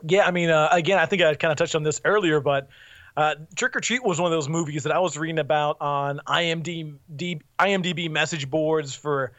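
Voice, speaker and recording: A man with a somewhat high voice on a podcast panel, recorded dry and close. He rambles through his thoughts, stopping and restarting as he goes. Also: fairly quick, a bit bright, dry recording. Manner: rambling, many fillers and restarts. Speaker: podcast co-host. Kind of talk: casual podcast discussion.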